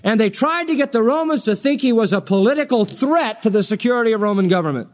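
A man's voice: animated, quick pace. A man preaching an expository sermon, dramatically acting out the voices he quotes. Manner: dramatic, acts out quoted voices with sweeping pitch.

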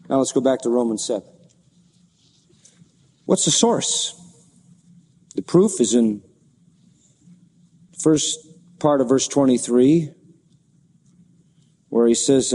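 A man's voice: mid-range voice, dark tone, long reverb tail. A man preaching a sermon, explaining scripture verse by verse and reading passages with rising passion.

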